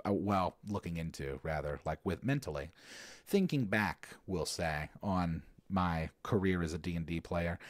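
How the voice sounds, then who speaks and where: Deep-voiced man in casual rambling chat. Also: dry recording. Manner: rambling and animated, frequent fillers and restarts. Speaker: podcast host answering listener questions.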